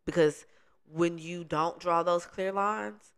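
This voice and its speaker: A woman's voice: on the low side, steady tone, slow, smooth. A woman co-hosting a casual chat, speaking earnestly and emphatically as she gives advice. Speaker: podcast co-host.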